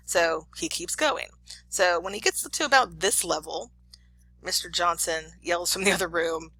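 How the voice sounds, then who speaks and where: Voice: medium pitch, lively intonation, normal speed, vocal fry, pushed and bright, rough recording. A professor giving a casual classroom lecture, chatty and full of fillers and acted quotes.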